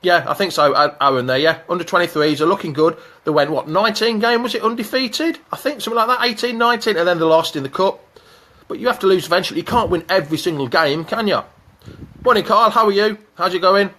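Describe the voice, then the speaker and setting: A man hosting a live fan show, reading out viewer comments and chatting in an excitable, jokey way. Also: high-pitched, fast talker. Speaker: fan channel host.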